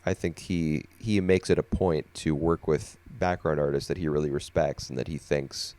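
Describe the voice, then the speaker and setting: A sleepy man co-hosting a casual podcast chat, talking things through in an unhurried, thoughtful way with plenty of fillers. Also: very deep voice, steady tone, dark tone, no echo. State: sleepy, yawning. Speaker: podcast co-host.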